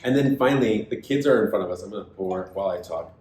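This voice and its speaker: A man co-hosting a podcast, retelling a story in casual chat and acting out the other people's lines. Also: fast. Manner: animated retelling, acts out quoted voices. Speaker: podcast co-host. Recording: echoey room with faint rumble.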